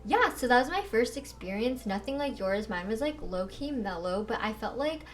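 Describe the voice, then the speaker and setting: A young woman in her twenties, co-hosting a podcast, telling a story in casual chat, animated and full of "like" and swearing. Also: fairly high pitch, normal speed, recorded from a distance, a little hiss or hum. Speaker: podcast co-host.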